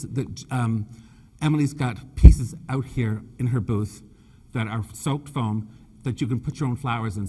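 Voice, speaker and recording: A man's voice: medium pitch, a little mellow. A Canadian man with a slight British lilt, giving a chatty, joking live floral design demonstration to an audience. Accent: Canadian with a British touch. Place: large exhibition hall. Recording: long hall reverb.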